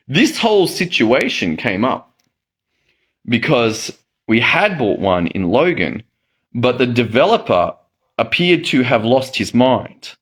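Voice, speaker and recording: A middle-aged man telling a personal story in a casual monologue, acting out the reactions he quotes. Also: medium pitch. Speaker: medical educator and host.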